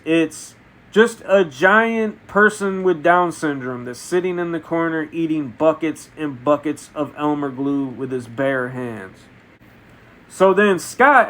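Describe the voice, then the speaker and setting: A man reviewing a film in a comedic, deadpan way, retelling absurd story events. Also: on the high side. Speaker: movie reviewer. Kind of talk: comedic spoken movie review.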